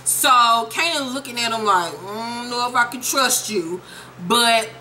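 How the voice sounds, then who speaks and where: A young woman giving a profane, animated comedic recap of a TV episode and quoting the characters in quick voices. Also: on the high side, slight background noise. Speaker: TV show recapper.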